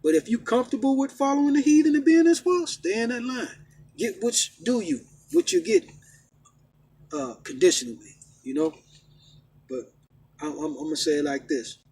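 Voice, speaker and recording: A middle-aged man ranting and preaching casually, emphatic and repetitive, swinging from loud outbursts to low, stern talk. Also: big pitch swings, moderate pace, breathy edge, poor audio. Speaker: vlogger preaching his faith. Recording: faint background noise.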